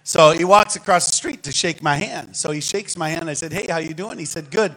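Brisk and animated, a fairly high-voiced guest preacher delivers a storytelling sermon from a church sanctuary pulpit. He slips into quiet asides, then bursts into loud exclamations and laughs with the congregation, all captured on a rough recording.

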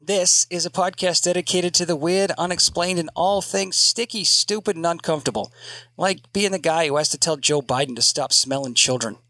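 Male podcast host, bright, slightly high voice, swears freely, rambling and joking, dry close sound. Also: normal speed, no echo. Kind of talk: casual podcast banter.

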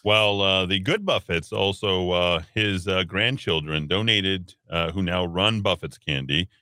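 Radio host guy, bright punchy tone, lowish, dry studio sound, lots of uhs. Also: measured pace, dry recording. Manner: loose, chatty, many filler "uh"s. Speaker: radio talk show host. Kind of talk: casual radio talk. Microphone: studio broadcast mic.

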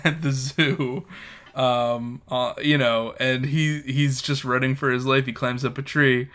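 A man's voice: medium pitch, little pitch movement, measured pace, a bit bright, smooth. A man co-hosting a film podcast in casual chat, wry and joking. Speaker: podcast co-host.

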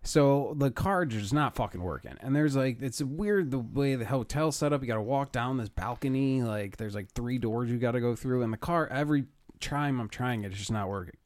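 A laid-back man spinning stories in easy, casual talk. His pitch sits mid-range for a man, and he swears freely while slipping into the voices of the people he quotes. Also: a little fast, a little mellow. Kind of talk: casual chat, storytelling.

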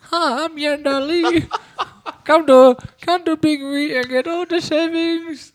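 A man's voice: very high-pitched, fairly even intonation, takes it slowly, voice pushed up. A man putting on a brash, pushy female shop owner who makes a sing-song hard sell in clipped, broken phrases on an improvised prank call.

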